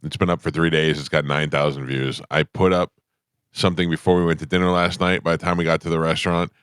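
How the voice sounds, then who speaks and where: A man's voice: extremely low pitch, little pitch movement, fast talker, fairly bright tone, smooth, no room sound, clean studio sound. A middle-aged man hosting a radio show, rambling through stories in casual banter with his co-hosts. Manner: rambling storyteller, laughs easily. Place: radio studio. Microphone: studio microphone.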